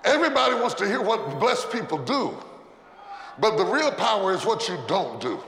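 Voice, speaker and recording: A high-voiced man preaches in a big, echoing church hall with a long reverb, and noise sits clearly under his voice. He calls out refrains and asks the congregation to repeat them back to him. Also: big pitch swings, normal speed. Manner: preaching with shouted refrains and call-and-response. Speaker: pastor. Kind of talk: sermon. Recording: echoey hall with background noise.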